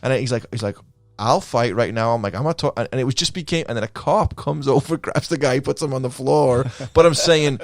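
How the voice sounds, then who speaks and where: A man with a Liverpool accent, talking as a podcast guest. He tells stories with energy and voices the people in them. His pitch sits in the middle range, and the sound is dry and close. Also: quick pace, vocal fry, hardly any pauses, dry recording. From England. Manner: lively storyteller who acts out quoted lines. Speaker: guest, pro skater. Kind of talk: casual podcast conversation.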